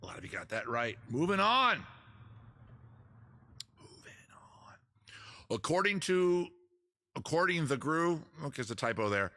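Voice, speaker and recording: A man's voice: mid-range voice, sing-song, normal speed, fairly bright tone. A man hosting a casual live-stream trivia quiz, joking around and teasing the players. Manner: joking, teasing, crude asides. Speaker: host running a trivia quiz.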